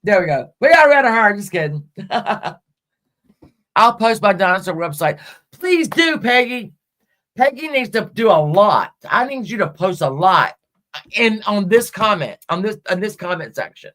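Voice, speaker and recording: A woman's voice: medium pitch, sing-song, normal speed, a bit bright. A middle-aged woman hosting a live stream, telling rambling personal stories bluntly and with plenty of swearing. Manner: blunt and profane, rambling with restarts. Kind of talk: casual personal storytelling.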